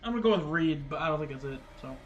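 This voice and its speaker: Casual, swearing gaming streamer. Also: male voice, fairly high pitch, expressive, rapid-fire, dull audio. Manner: casual, profane, thinks aloud. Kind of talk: casual livestream commentary.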